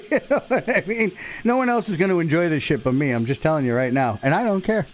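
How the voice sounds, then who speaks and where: Casting: man, casual stream host lively up-and-down voice, jokey rambling. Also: sits high, fairly quick. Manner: rambling, joking, laughs often. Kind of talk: casual live stream chat. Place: workshop.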